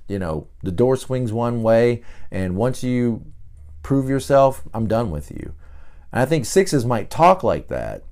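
Lively-voiced man giving a casual talk. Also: lowish voice. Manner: conversational, with frequent restarts and asides. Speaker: pastor and podcast host.

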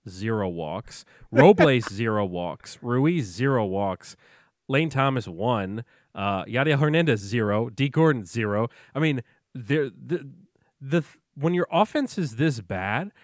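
A man's voice: mid-range voice, no room sound, studio quality. A man co-hosting a casual sports podcast, chatting loosely and rattling off player stats over a remote call. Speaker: podcast co-host. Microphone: remote call mic.

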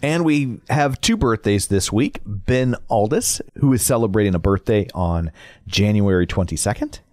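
A man's voice: on the low side, normal speed, soft background music. A man co-hosting a podcast, joking wryly in a casual chat. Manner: joking, wry, lively delivery. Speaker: podcast co-host.

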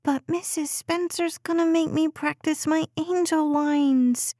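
A high, whiny little girl, bored and stubborn, pleading and sulking in a storybook reading. The voice is thin and unlike the reader's usual tone, with a pitch far above it. The recording is dry and close. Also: fairly even intonation, measured pace, mellow, no echo. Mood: complaining.

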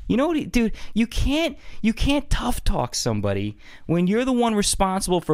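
A man hosting a podcast in a casual, joking monologue, animated and swearing freely. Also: high voice, moderate pace, few pauses, no room sound, clean studio sound. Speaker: podcast host.

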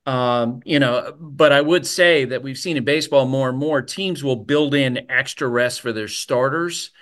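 A man hosts a baseball talk show in a relaxed, conversational way. His voice sits at an ordinary middle pitch, and he works through his answers out loud with easy fillers. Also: normal speed. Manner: conversational, thinks aloud with fillers. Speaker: podcast host.

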